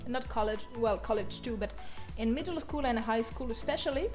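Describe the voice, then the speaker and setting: Bubbly French woman, high voice. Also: moderate pace, soft background music. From France. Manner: bubbly, laughs often, slips into squeaky bursts. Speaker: art streamer. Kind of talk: casual live-stream chat.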